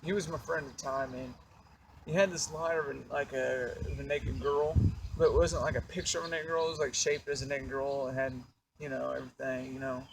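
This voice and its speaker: A young man telling a story from his own life in a casual, animated, profane way, full of fillers like "you know" and "like". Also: mid-range voice, fairly quick, gravelly, recorded from a distance, background noise. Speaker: vlogger.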